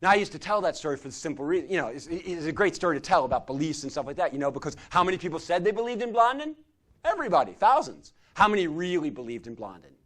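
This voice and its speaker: A middle-aged man speaks to a gathering in the manner of a sermon, carrying his stories with a fairly high voice. He swings between loud, energetic passages and hushed, earnest ones. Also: fast talker. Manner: animated storyteller who swings from loud chanting to quiet intensity. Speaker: secular humanist chaplain and guest speaker. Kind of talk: storytelling sermon-style talk. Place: community gathering hall.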